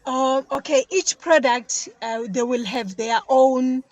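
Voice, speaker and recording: On a casual podcast interview, a South African businesswoman who makes detergent explains the process slowly in a high voice. She's chatty and often repeats words. The recording is rough.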